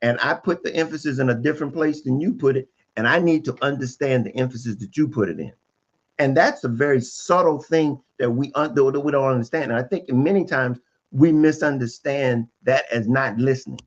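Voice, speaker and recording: A man's voice: medium pitch, brisk, dull audio. A man, a guest relationship expert on a podcast, explaining emphatically and restating his points again and again.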